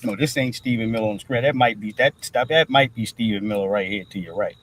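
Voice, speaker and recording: A man's voice: lowish voice, quick pace, a bit bright, a little hiss or hum, low-quality recording. A man hosting a livestream, talking in loose, profane commentary and repeating "all right" between nearly every thought. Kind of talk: casual rambling commentary.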